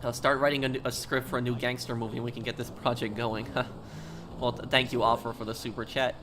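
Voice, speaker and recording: A man's voice: mid-range voice, little pitch movement, fast, background noise. A man chatting casually on a live game stream, talking straight to his viewers and answering them.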